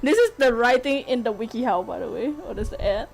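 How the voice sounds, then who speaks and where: A woman's voice: on the high side, expressive, a little fast, gravelly, soft background music, poor audio. A young woman streaming a game, chatting casually in a giggly, playful way. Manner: giggly, playful, often laughing.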